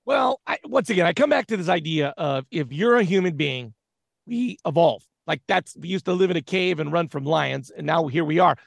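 A man co-hosts a faith talk show, talking in an earnest, reflective way. His voice is high with a gravelly fry running through it, recorded dry and close. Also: animated, normal speed, no echo. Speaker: podcast co-host. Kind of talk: casual chat about faith.

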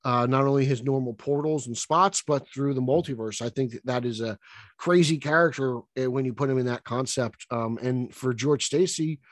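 A man hosting a casual podcast chat, upbeat and quick to laugh. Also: mid-range voice, no room sound, clean studio sound. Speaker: podcast host.

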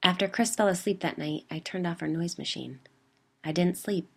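A woman hosting a podcast, reading her own story in a calm, measured way. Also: on the low side, creaky, slightly rough. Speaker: podcast host and narrator. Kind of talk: scripted story narration.

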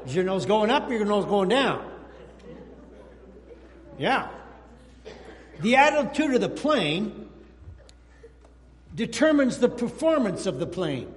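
A male pastor preaching a sermon, telling a story in an animated way and calling out to the children in the congregation. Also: sits high, slow, long pauses. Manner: animated storytelling, talks to the kids in the room. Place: church sanctuary. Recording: long hall reverb in a church.

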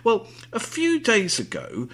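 A man's voice: high voice, wildly swooping pitch, slow, fairly bright tone. A man co-hosting a podcast, telling stories in a dry, theatrical way. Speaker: podcast co-host. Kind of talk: casual chat.

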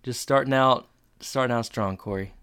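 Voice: mid-range voice, moderate pace, a bit bright, clean tone. A podcast co-host chatting casually while recapping a TV episode, adding dry asides and voicing the quotes. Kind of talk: casual chat.

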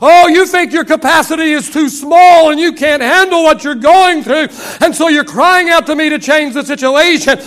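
A man preaching who voices God speaking firmly and kindly to Paul, with loud emphasis. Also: extremely high pitch, moderate pace, few pauses, voice pushed up. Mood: firm, reassuring.

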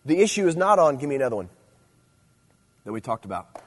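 A middle-aged man preaching to teenagers, swinging between loud emphasis and quiet asides. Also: medium pitch, big pitch swings, fast, slightly rough. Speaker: youth speaker. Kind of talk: sermon.

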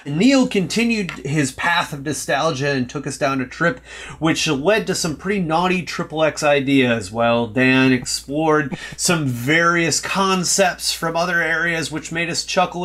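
A man's voice: on the high side, a little slow, a bit bright, a little hiss or hum. Dry-voiced man co-hosting a comedy podcast. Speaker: podcast co-host. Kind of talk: casual comedy podcast chat.

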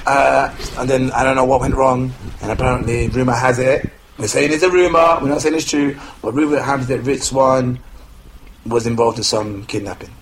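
A man co-hosting a casual podcast, relaxed and rambling, often laughing as he recaps news. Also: mid-range voice, moderate pace. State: has a toothache. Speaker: podcast co-host. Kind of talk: casual chat. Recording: noisy home recording with clicks.

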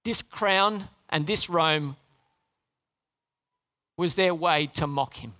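A man preaching a sermon, retelling a story with rhetorical questions and dramatic drops into a low, quiet voice. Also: takes it slowly.

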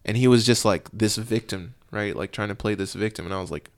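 A man's voice: fairly low pitch, a little fast. A man who is a police officer, telling stories in a loose, rambling way in an interview. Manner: loose, rambling, with many fillers. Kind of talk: casual storytelling in an interview.

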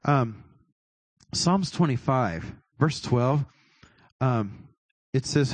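A man giving a relaxed church talk on prayer at a middle pitch. He talks in a chatty way, laughs a lot and often stops to restart his sentences. The sound is dry and close. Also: slow pace, pauses often, dry recording. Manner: chatty, laughing, self-interrupting. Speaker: worship leader. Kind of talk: casual church teaching on prayer. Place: church worship service.

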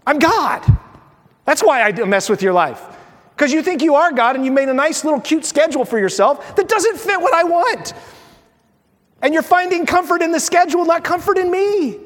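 A man's voice: very high-pitched, lively intonation, moderate pace, a bit bright, pitched above the performer's own voice. A man putting on an exasperated, scolding God. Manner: blunt, scolding, lecturing. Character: exasperated God talking to a stubborn believer. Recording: long hall reverb.

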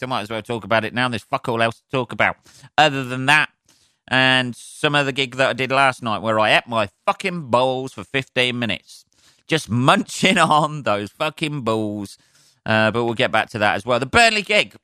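A man with a Southern English accent rants solo on his podcast, swearing freely and tossing jokey asides to his listeners. His voice is bright and forceful, smooth and clear, recorded close and dry with no room echo. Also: mid-range voice. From southern England. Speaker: podcast host, stand-up comedian.

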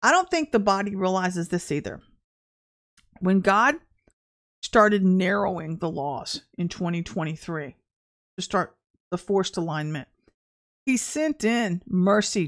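A woman giving an informal prophetic message to her viewers, talking in an animated, emphatic way with sudden exclamations. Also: mid-range voice. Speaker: self-described prophetess.

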